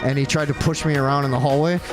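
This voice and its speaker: A man's voice: a little high, fairly even intonation, quick pace, music in the background. A man co-hosting a radio show, chatting casually and crudely, rambling and swearing with frequent laughs.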